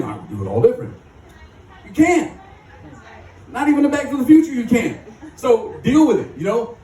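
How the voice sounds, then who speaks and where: A man's voice: high voice, darkish tone, distant mic, slight background noise. A man from Michigan speaking at a recovery rally, telling his story in a joking, rambling way with frequent laughs. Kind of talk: recovery testimony talk. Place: live rally stage. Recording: echoey and off-mic.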